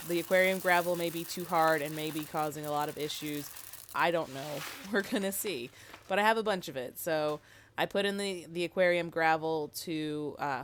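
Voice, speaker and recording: Woman with a sick voice, low-pitched, chatty vlogger, thinking aloud. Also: steady tone, fairly quick, slight background noise. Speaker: rock tumbling vlogger. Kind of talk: casual how-to vlog.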